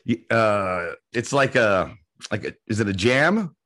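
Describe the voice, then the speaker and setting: A man hosting a casual podcast, easygoing and quick to laugh. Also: on the low side, expressive, a bit bright, no echo. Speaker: podcast host.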